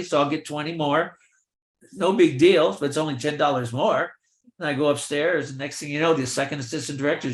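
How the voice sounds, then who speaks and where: An older man, a veteran film extra, telling lively anecdotes in a Q&A and acting out the dialogue of the people in them. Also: on the high side. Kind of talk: storytelling in a virtual Q&A. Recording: roomy echo.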